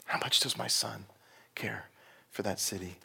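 A man's voice: fairly low pitch, steady tone, measured pace, gravelly, breathy edge. A man preaching a sermon, emotional, moving between raised passages and near-whispered ones. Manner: emotional, swinging between loud and hushed. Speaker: pastor.

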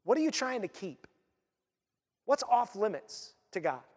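A man's voice: high voice, sing-song, a little slow, darkish tone, in a large hall. A man preaching a sermon, speaking emphatically and repeating his key phrases.

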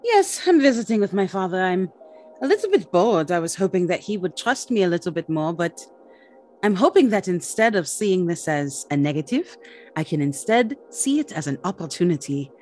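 A tabletop player voicing a charming young alien woman who flatters and schemes, over faint music. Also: mid-range voice, normal speed, pitched above the performer's own voice, close to an everyday voice. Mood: sweetly scheming. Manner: sweet, flattering, performatively cute.

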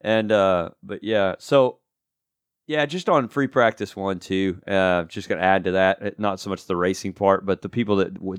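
A man's voice: low voice, clear, resonant tone, no room sound, clean studio sound. A man co-hosting a casual podcast chat, rambling with lots of asides and fillers. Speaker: podcast co-host.

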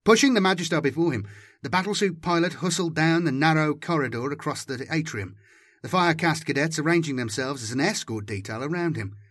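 A man's voice: a little high, fairly quick, dry recording. A man doing dramatic scripted audiobook narration on a close mic. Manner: dramatic, animated storytelling.

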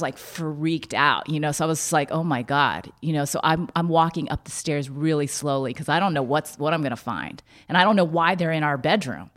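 A woman telling a personal story in a candid, halting way, with many restarts. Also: sits low.

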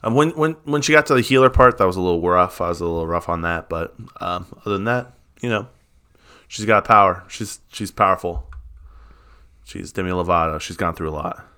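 A man's voice: low-pitched, animated, a little fast, bright, forceful tone, smooth. A man co-hosting a casual chat podcast, rambling and playful with lots of fillers. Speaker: podcast co-host.

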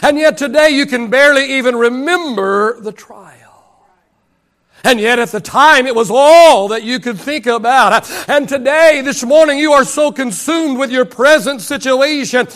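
A man's voice: extremely high pitch, normal speed, fairly bright tone. A pastor preaching a passionate sermon at a church service. He repeats his phrases and lets many lines trail off into near silence.

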